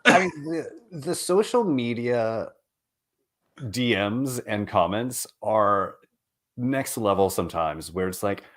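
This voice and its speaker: A man's voice: lowish voice, lively intonation, slow. A man hosting a casual interview, asking loose questions with a wry, teasing manner. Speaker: interview host.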